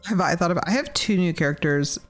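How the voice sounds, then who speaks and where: A woman's voice: fairly low pitch, animated, fast, faint music behind. Rambling woman chatting while she paints. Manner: rambling, thinking aloud, many "like" fillers. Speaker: artist and cast member drawing on a live stream. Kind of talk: casual live-stream chat while painting.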